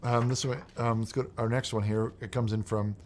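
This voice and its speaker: A man hosting a comedic call-in show in the style of a preacher. He swings between mumbled reading of messages and loud, exasperated ranting. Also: medium pitch, flat delivery, fairly quick, slight background noise.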